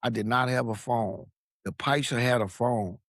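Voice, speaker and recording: Animated man telling his story, dry sound. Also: medium pitch, normal speed, no echo. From Long Beach, California. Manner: animated, profane, acts out quoted voices. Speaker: podcast guest. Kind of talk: casual storytelling.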